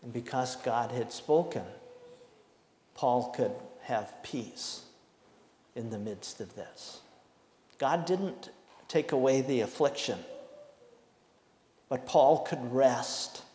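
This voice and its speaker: A man preaching a sermon, emphatic, with slow deliberate stresses and dramatic pauses. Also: mid-range voice, warm tone, a little hiss or hum. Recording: echoey hall with long reverb.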